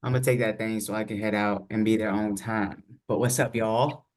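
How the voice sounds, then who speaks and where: A man's voice: on the low side, steady tone, a little fast. A man on a group call, talking in a laid-back, slangy way. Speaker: book club member. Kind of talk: casual call chat. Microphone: video call.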